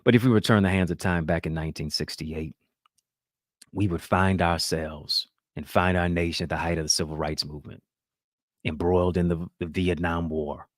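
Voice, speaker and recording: A man's voice: low-pitched, fairly even intonation, moderate pace, dry recording, studio quality. A man hosting a talk show, giving emphatic, preacher-like motivational commentary.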